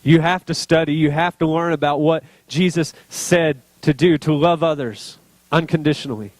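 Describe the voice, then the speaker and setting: A male pastor delivering a heartfelt sermon, his voice sitting notably high for a man. He speaks earnestly and presses harder as his feeling grows. The sound is dry and close, with no room around it. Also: normal speed, no echo. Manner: earnest, rising to emotional intensity.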